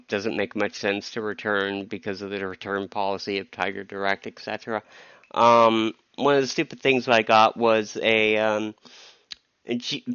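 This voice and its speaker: A man with a low, bright and smooth voice talks through a personal podcast monologue. He stops and starts, leans on "um" and sounds stressed. The sound is dry and a little dull, like a lo-fi home recording. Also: no room sound. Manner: halting, full of ums and restarts, stressed. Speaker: podcast host.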